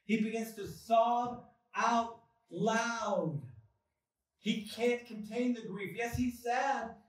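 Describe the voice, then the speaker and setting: A man preaching in a church sanctuary, his voice sitting high and delivered at an unhurried, deliberate pace. He leans on long pauses and sudden swells of emphasis. The sound is heavily echoey, picked up from well back in the hall. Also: steady tone, distant mic. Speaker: pastor. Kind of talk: sermon.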